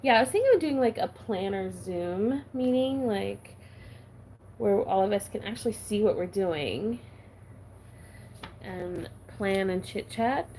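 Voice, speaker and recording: A woman's voice: mid-range voice, unhurried, dark tone, a little hiss or hum, poor audio. A woman vlogger chatting casually while she stamps her planner, giggly and talking with a valley-girl lilt.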